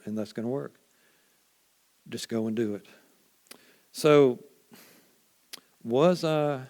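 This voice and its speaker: A man preaching a sermon as a first-person story, folksy and conversational, often dropping to a quiet hush. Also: mid-range voice.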